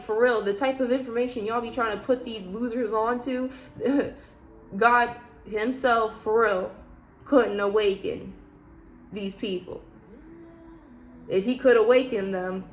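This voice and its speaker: A woman vlogger talking casually about faith, emphatic and preachy, with many rhetorical questions. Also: on the high side. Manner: loose, chatty, frequent fillers. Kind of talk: casual faith talk to camera.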